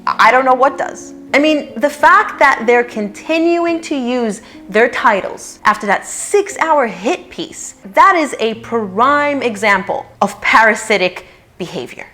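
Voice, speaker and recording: A woman hosts a commentary vlog, her voice sitting a little high. She talks in a sarcastic, mocking way, with soft music faint underneath. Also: lively intonation, unhurried. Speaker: commentary channel host.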